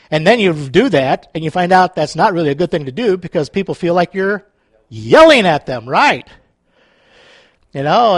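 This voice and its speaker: A man's voice: sits high, no echo. A man pastor preaching a conversational sermon, with playful asides and laughter between scripture readings.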